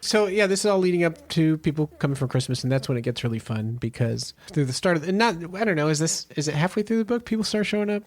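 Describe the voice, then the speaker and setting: A man co-hosting a casual book podcast, easygoing and quick with joking asides. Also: fairly high pitch, animated. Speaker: podcast co-host.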